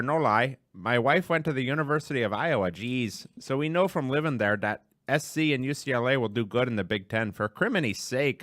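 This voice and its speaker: A man's voice: mid-range voice, fairly bright tone, no room sound, studio quality, pitched above the performer's own voice, lightly acted. A man putting on a chatty older Minnesota man while reading out a listener review on a podcast. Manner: folksy, exclaiming, broad put-on Minnesota-style twang.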